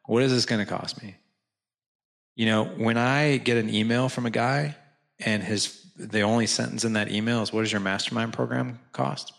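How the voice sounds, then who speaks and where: Gravelly-voiced man telling his story. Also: mid-range voice, moderate pace. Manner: animated, acts out quoted dialogue; frequent restarts and "like" fillers. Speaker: podcast guest, founder of a fathers' organization. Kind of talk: conversational storytelling.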